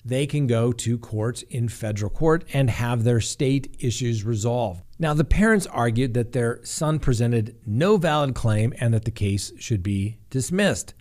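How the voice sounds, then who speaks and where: A man's voice: mid-range voice, a little slow, few pauses, darkish tone. A middle-aged man hosting a true crime news show, reading stories with wry, sarcastic asides. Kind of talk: scripted crime news commentary.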